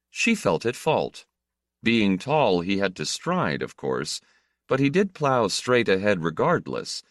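A man narrating an audiobook with an expressive, steady storytelling manner. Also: low-pitched, no room sound, studio quality.

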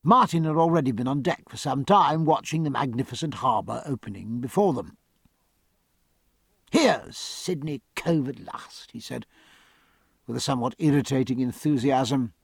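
A man narrating a historical sea novel in a measured, literary reading. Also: medium pitch, gravelly, slightly rough, no echo, studio quality. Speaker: audiobook narrator. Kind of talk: scripted narration.

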